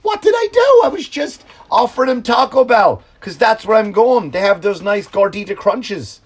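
A man voicing a panicked fired office worker, shrill and indignant, shrieking in bewildered outrage. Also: very animated, moderate pace, slightly rough, exaggerated voice.

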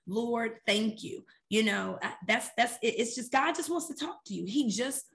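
A woman's voice: a little high, lively intonation, moderate pace, vocal fry, fairly bright tone. A woman co-hosting a faith podcast, talking about prayer in an earnest, conversational and emphatic way. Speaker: podcast co-host.

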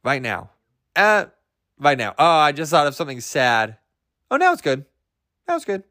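A man's voice: a little high, sing-song, normal speed, sharp tone, no echo, studio quality. A young man hosting a solo podcast, rambling in a goofy, self-amused way and laughing at his own jokes. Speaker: podcast host.

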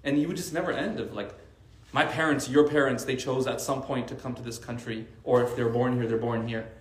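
A man with a mid-range voice speaks fairly quickly in a reverberant setting. This Arabic teacher tells lively stories with frequent "like" fillers while giving a casual religious talk to a faith circle.

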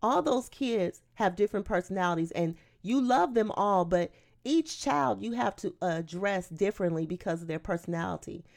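Woman preacher, gravelly voice, reads a verse then breaks it down, real lively up and down delivery. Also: mid-range voice, normal speed. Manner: animated, emphatic preaching that breaks into acted-out quotes; reads scripture aloud, then explains it conversationally. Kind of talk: sermon.

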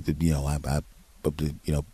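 A man's voice: rumbling low, little pitch movement, moderate pace, warm tone, slightly rough, dry recording. A middle-aged man hosting a podcast, telling a story in a rambling, self-deprecating way with lots of restarts. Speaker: podcast host. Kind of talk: casual storytelling monologue.

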